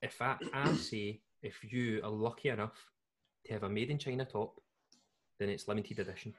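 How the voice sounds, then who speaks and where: Scottish male co-host, casual rambling banter, lower register. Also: steady tone, normal speed. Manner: jokey, rambling with restarts. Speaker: podcast co-host. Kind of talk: casual chat.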